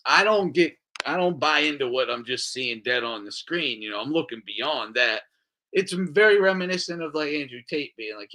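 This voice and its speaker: A man co-hosting a casual podcast, ranting in an animated way, swearing a lot and acting out what others said. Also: mid-range voice, normal speed. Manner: animated, swears a lot, acts out quoted voices. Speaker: podcast co-host.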